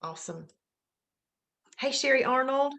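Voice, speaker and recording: Woman host with an Alabama drawl, slightly high voice, chatty and upbeat, greeting people by name on a live webinar. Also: animated, measured pace, gravelly, a bit bright. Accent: Southern US, Alabama. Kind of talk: casual live webinar chat.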